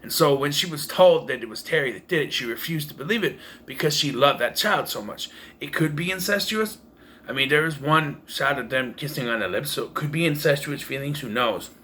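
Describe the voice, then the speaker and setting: A man's voice: fairly high pitch, lively intonation, fairly quick, pushed and bright, a little hiss or hum. A man giving a casual home-made movie review, rambling and blunt, with profanity and frequent restarts, recorded on a camera propped up in a room at home. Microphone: camera propped on taped-together cases.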